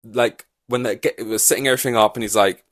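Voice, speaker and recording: A man hosting a casual podcast, rambling in animated reaction chat with loose swearing and lots of fillers. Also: mid-range voice, fast talker, no room sound. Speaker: podcast host.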